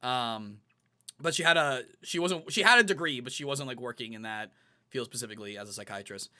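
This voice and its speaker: A man's voice: mid-range voice, a little fast. A young man on a panel, telling a personal story in casual chat and acting out his own past remarks. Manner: animated, quotes himself in lively acted-out asides. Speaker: panel guest.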